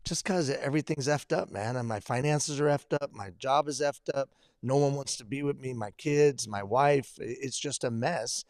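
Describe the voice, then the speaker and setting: A man doing a hopeless guy in a role play, mid-pitched, flat tired complaints. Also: moderate pace, few pauses, no echo, studio quality, lightly acted. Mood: despairing. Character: despairing suicidal man, down on his luck.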